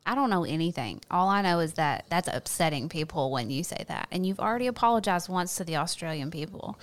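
A playful woman co-hosting a casual podcast, teasing her partner. Her voice sits a little low for a woman. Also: expressive, brisk. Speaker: podcast co-host. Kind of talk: casual chat.

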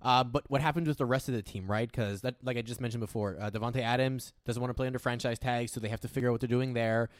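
A man's voice: mid-range voice, fairly even intonation, fast talker, hardly any pauses, dry recording, clean studio sound. Wry, matter-of-fact man in sports chat.

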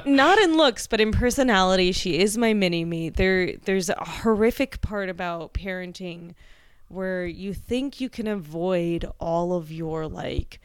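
A woman comedian talks in casual chat, animated and quick to laugh, with frequent swearing. Her voice is recorded dry and close, with no room sound. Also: lowish voice, clear, resonant tone, no echo.

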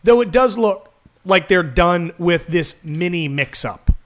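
A man's voice: high-pitched, a little slow. A man co-hosting a podcast, ranting casually with lots of swearing. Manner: profane, animated ranting. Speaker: podcast co-host. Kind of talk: casual chat.

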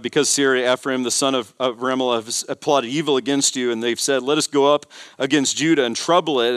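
A man preaches an emphatic sermon, stumbling over repeated words as he builds intensity. His voice sits a little high. The sound is dry and close. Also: a bit bright, no room sound. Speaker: pastor. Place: church.

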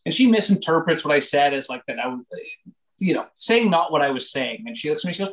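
A young man, a comedian from Canada, telling a story in casual podcast chat, animated and full of swearing and fillers. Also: a little high, fast, rough recording.

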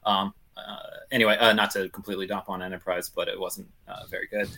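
A man's voice: deep voice, level tone, quick pace, vocal fry, pushed and bright. A man in a casual podcast chat, rambling and hesitant, with lots of fillers. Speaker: podcast co-host.

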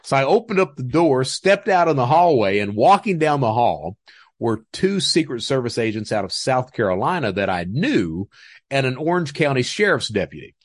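Animated man telling a wild story. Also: medium pitch, normal speed, no room sound, studio quality. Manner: animated, laughing, profane. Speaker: interview guest. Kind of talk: casual storytelling.

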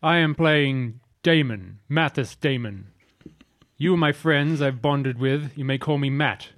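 A man's voice: medium pitch, a little slow, fairly bright tone, no echo, studio quality. A man playing in a tabletop role-playing game, chatting with wry, playful remarks. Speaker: player. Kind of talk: casual tabletop game chat.

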